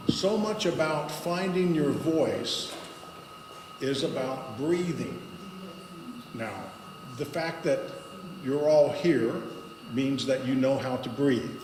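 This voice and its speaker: A man speaking to a congregation as a guest speaker, guiding a voice exercise with slow, paused instructions. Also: medium pitch. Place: spiritual center meeting hall. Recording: echoey hall with long reverb and background noise.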